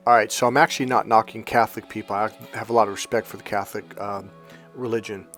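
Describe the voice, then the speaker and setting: Animated male life coach telling a story. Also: fairly low pitch, fast talker, soft background music. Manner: animated storyteller, acts out both sides of dialogue. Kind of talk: coaching monologue with anecdote.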